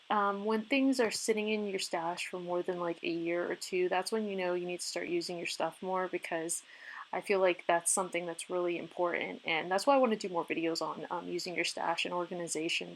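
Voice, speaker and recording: A woman giving a casual, chatty voice-over for her crafting video, upbeat and quick to laugh. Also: fairly low pitch, slight background noise. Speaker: craft vlogger.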